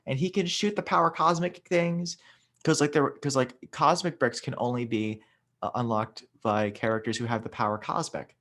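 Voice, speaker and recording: A man's voice: mid-range voice, fairly even intonation, normal speed, a bit bright. A young man co-hosting a casual chat, rambling and restarting his sentences often. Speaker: podcast co-host.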